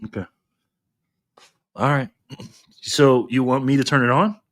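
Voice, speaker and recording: A man hosting a casual live stream, reading the chat aloud with excitement and frequent laughter. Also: mid-range voice, a little slow, no room sound, studio quality.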